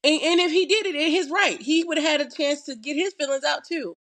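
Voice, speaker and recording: A woman's voice: high voice, a little fast, a bit bright. A woman co-hosting a casual chat, reflecting on her week and acting out what she told people.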